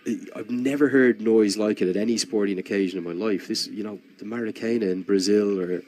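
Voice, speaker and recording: A man's voice: lowish voice, a little mellow. A man commentating live on a cricket match while telling a long, rambling anecdote, with frequent restarts.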